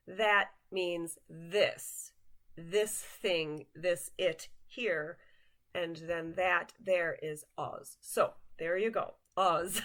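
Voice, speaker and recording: A woman's voice: on the low side, fairly bright tone. A woman teaching vocabulary in a patient way, repeating each word and asking the listener to say it with her. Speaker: language teacher. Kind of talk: slow vocabulary lesson.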